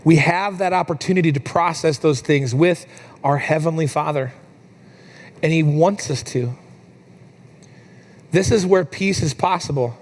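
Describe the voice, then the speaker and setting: Animated man preaching a sermon. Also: on the high side, unhurried, long pauses. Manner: storytelling, animated when quoting his daughter. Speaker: pastor. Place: church.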